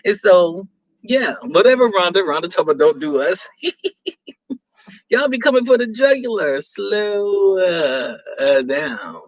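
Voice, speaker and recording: A woman's voice: fairly low pitch, sing-song, moderate pace, no echo. A middle-aged woman hosting a live stream, chatting casually and teasing her viewers as she reads their comments, often laughing.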